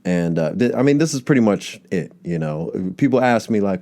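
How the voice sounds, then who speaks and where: A man's voice: deep voice, normal speed, warm tone. A male comedian hosting a solo podcast, rambling from tangent to tangent and swearing casually.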